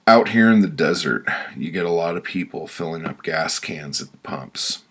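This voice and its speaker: A man reading his own prose poems aloud as an audiobook, blunt, profane and deadpan. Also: sits low, moderate pace, a little hiss or hum.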